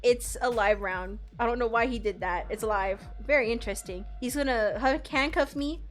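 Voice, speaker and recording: Young woman streamer, slightly high voice, unhurried gameplay chatter with sudden yelps, faint game music. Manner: playful, swinging from loud outbursts to quiet mumbling. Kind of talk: casual gameplay commentary.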